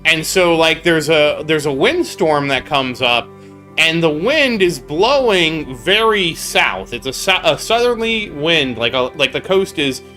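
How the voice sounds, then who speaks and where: While streaming a game, a man spins a lengthy, meandering story and breaks off at times to respond to his chat in casual conversation. Soft music accompanies his bright, slightly high-for-a-man voice.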